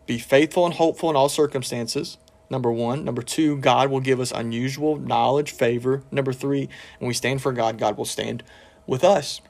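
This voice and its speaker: A man's voice: mid-range voice, fairly even intonation, moderate pace, gravelly, darkish tone. A middle-aged man preaching a podcast sermon and telling a personal story, earnest, with fillers and restarts. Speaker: pastor.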